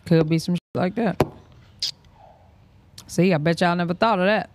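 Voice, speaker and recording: A woman's voice: fairly low pitch, normal speed, darkish tone, a little hiss or hum. A woman hosting a reaction stream, giving candid, slangy, outspoken commentary in a casual way. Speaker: reaction channel host.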